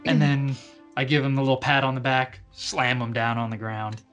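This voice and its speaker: A man chats through his moves in a tabletop game, often laughing and restarting his sentences. His voice sits at an ordinary pitch. Soft music plays faintly in the background. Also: fairly even intonation, normal speed. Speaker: player. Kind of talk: casual tabletop game play.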